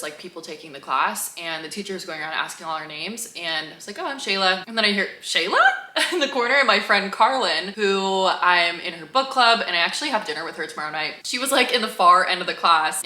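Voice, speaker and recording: A woman's voice: lowish voice, sharp tone. A woman vlogger in casual chat, chatty and giggly, correcting herself as she goes. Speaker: lifestyle vlogger. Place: apartment. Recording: echoey room, faint noise.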